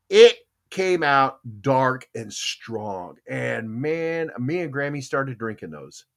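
An older American man hosting a podcast, telling stories in a casual rambling chat and acting out dialogue. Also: mid-range voice. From United States. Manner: storytelling, animated, acts out dialogue. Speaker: podcast host.

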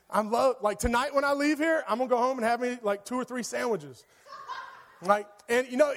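A young man, a youth pastor, preaching a casual, animated sermon full of asides and "like". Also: high-pitched, long reverb tail. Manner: casual, animated storytelling with lots of "like".

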